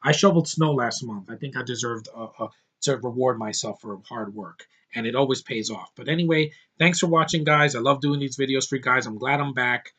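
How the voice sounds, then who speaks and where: A young man with a middle-pitched voice talks straight to his camera in a relaxed home vlog. He is blunt and opinionated, swinging into excited rants as he goes. His delivery stays casual and unpolished throughout. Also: a little fast, breathy edge. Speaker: movie collector vlogger. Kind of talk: casual movie haul vlog.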